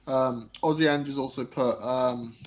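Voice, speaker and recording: Man host, mid pitch, hesitant, lots of "um", reads chat aloud. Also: steady tone, unhurried. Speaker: livestream host reading comments. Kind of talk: casual chat.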